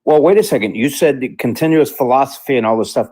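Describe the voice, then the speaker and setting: Male debate caller, combative, cuts in constantly, mid pitch. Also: quick pace, warm tone, husky. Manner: combative, interrupts with "wait a second". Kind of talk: heated debate.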